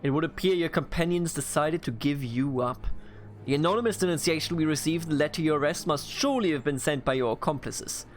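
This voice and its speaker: A man's voice: fairly high pitch, fairly quick, faint music behind, lightly acted. A man voicing a stern revolutionary court judge, reading curt, accusing questions from a video game.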